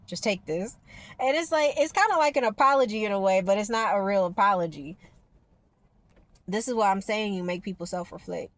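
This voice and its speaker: A woman's voice: medium pitch, a little fast, dry recording. A woman vlogger talking casually to her viewers about spirituality, rambling and emphatic, with the odd swear word.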